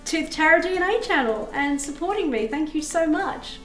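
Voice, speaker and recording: High-pitched woman doing a live tarot stream, talks to chat, roomy echo with a little music. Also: lively intonation, normal speed, a bit bright. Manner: chatty, reads chat aloud, thanks viewers. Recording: echoey room with faint music.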